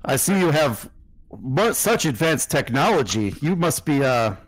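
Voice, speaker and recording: A man's voice: on the high side, sing-song, measured pace, no echo, poor audio. A man voicing a curious, boastful male alien wanderer who shows off his advanced technology over a voice call. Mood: proud. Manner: showy, pleased with his own technology.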